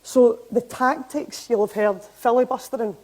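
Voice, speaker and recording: Young scottish woman telling a story to an audience, warm and highish. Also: moderate pace, rough recording. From Scotland. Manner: lively anecdotal, animated when amused. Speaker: member of parliament giving a talk. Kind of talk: public talk, storytelling. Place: hall, talk to an audience.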